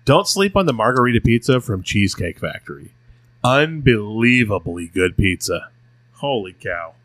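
Low-voiced man gushing in casual chat. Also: big pitch swings, normal speed, fairly bright tone, no room sound. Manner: enthusiastic, gushing about food. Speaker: podcast co-host.

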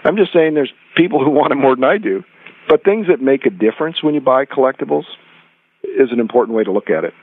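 A man's voice: medium pitch, lively intonation, quick pace, breathy edge, no room sound. A man telling rambling anecdotes as a guest in a podcast interview, acting out quoted dialogue as he goes. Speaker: rare coin dealer and guest. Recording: tinny phone-line sound.

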